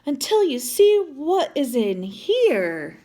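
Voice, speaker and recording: Woman playing an eager storybook schoolboy, high and lively, slow delivery. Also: slight background noise, heavily acted. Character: excitable young schoolboy.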